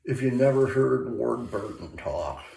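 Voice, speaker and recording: A man's voice: medium pitch, lively intonation, measured pace, gravelly, dark tone. A man from Michigan rambling in a casual chat, full of fillers and restarts. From Michigan, USA. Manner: meandering, many fillers and restarts. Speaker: shaving vlogger. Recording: echoey bathroom, faint tap water.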